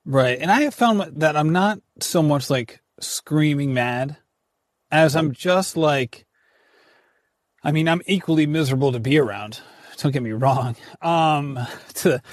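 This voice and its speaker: A man around forty who hosts a podcast and runs talks candidly and casually, rambling, packing in "like" and wry laughs. His voice is fairly high, and the recording is dry and studio quality.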